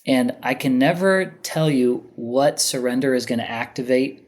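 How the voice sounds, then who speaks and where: A man's voice: mid-range voice, normal speed. A man on a podcast telling a personal story in a candid, conversational way, bringing it to life by acting out what other people said. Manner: animated storyteller who acts out other people's lines. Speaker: podcast guest.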